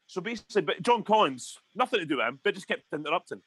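A man's voice: high voice, sing-song, fast talker, fairly bright tone, slightly rough. A Scottish man ranting heatedly in a casual podcast chat, swearing often. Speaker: podcast co-host.

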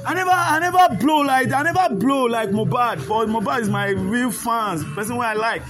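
Loud music fills the recording while a man speaks in a very high voice at a normal pace. With a Nigerian accent, he repeats himself emotionally, using street talk to plead with those listening.

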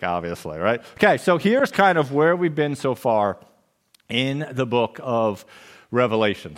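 A man preaching a sermon as pastor of a church, conversational with playful, joking asides. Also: mid-range voice.

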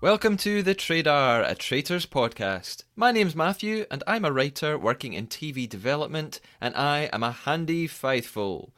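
A man's voice: fairly high pitch, very animated, moderate pace, hardly any pauses, a bit bright. Upbeat podcast host, man. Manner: upbeat, laughs often. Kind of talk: casual interview chat.

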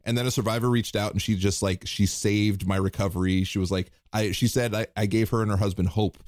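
A man's voice: lowish voice, fairly even intonation, a little fast, a little mellow, no echo. Supportive male podcast host, dry mic. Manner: supportive, chatty, many fillers. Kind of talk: podcast interview.

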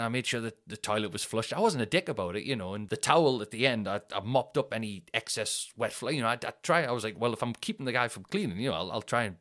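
A man hosts his comedy podcast and tells a casual, rambling anecdote. His pitch swings widely and expressively as he talks. He drops in swearing and pokes fun at himself along the way. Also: a bit bright. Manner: swears freely, mocks himself.

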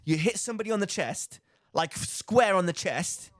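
A young man tells a story in a relaxed podcast chat, his voice sitting a touch high for a man. He talks with animation, doubling back over phrases as he goes. The sound is dry and close, with no room echo. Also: moderate pace. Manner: animated, repeats and restarts phrases while telling a story. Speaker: podcast co-host.

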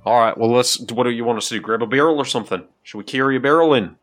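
A man playing a tabletop role-playing game. He talks at a middling pitch, rambling and hedging. He keeps qualifying and correcting what he just said. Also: very fast, fairly bright tone, soft background music. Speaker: player. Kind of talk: casual tabletop game play.

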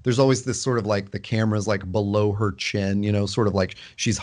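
A man's voice: fairly low pitch, fairly even intonation, brisk, darkish tone. A man co-hosting a casual chat, enthusiastic but hesitant, with many restarts. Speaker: podcast co-host. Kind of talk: casual chat about a book series.

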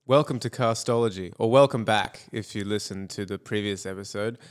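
A man with a lowish voice hosting a podcast with friends. His talk is playful and casual, with a few hesitant ums. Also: fairly quick, soft background music. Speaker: podcast host. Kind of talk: casual chat.

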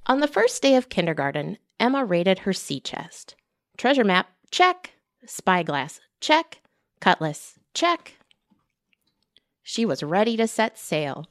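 A woman, a children's librarian, reading a picture book aloud with playful shouts and whispers. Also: on the low side, lively intonation, moderate pace, no room sound, studio quality. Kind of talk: storytime read-aloud with character voices.

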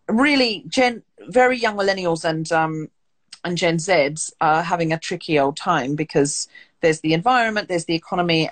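A woman hosting an interview, asking long, rambling questions that she corrects as she goes. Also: lowish voice. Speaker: podcast host. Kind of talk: interview chat.

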